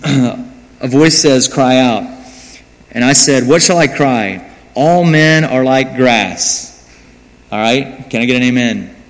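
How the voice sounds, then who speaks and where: Speaking slowly with long pauses in a mid-range voice, an American pastor delivers a sermon in a church hall. He mocks himself in a conversational way and addresses the congregation in asides, all captured with a long hall reverb.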